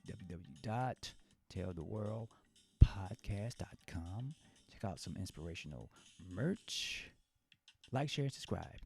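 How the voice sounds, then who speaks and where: A man's voice: fairly low pitch, gravelly, warm tone. A man hosting a solo podcast, giving a casual motivational talk and often checking in with "right?". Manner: conversational, repeats "right?" often. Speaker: podcast host.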